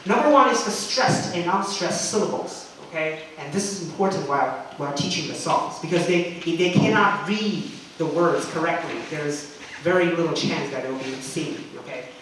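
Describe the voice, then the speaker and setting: A man's voice: fairly high pitch, moderate pace, a bit bright, slight background noise. Man, chatty teacher trainer; recorded far off in a very echoey room. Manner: chatty, frequent "okay?" checks, demonstrates chants. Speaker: English teacher.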